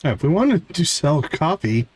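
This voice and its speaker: A man's voice: fairly high pitch, moderate pace, breathy edge, poor audio. Chatty Midwestern man streaming a game. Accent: American Midwestern. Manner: relaxed, chatty, talking to chat while playing. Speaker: gaming streamer. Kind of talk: casual live gameplay commentary.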